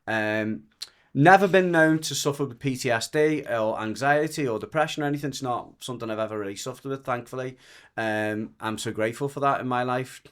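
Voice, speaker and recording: A man's voice: mid-range voice, fairly quick, fairly bright tone, clean tone. A man from the Wirral with a Merseyside accent, telling a story in casual podcast chat, rambling and frank, often restarting and swearing. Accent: Merseyside English. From the Wirral, England. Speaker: dog trainer and podcast guest.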